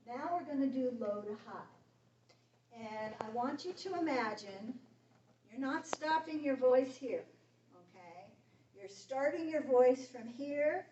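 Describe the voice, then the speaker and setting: Woman vocal coach, fairly high voice, encouraging; distant, roomy, noisy workshop recording. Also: a little mellow, muffled recording. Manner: encouraging, demonstrating vocal exercises.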